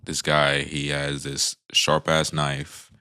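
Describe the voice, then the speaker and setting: A man guesting on a podcast, chatting in an easygoing, relaxed way. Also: very deep voice, slow, smooth. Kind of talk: casual chat.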